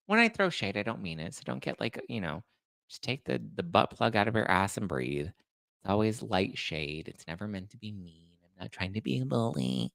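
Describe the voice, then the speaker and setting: Gravelly, campy male gossip host. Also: on the low side, expressive, fairly bright tone, no room sound, clean studio sound. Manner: campy, shade-throwing, quick asides. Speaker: podcast host. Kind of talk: casual celebrity gossip chat.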